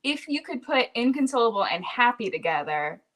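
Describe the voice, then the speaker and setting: A woman's voice: fairly high pitch, fairly quick, rough recording. Emphatic young woman on a panel. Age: young adult. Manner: animated and emphatic, full of fillers. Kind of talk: casual panel chat on a live stream. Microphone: video call.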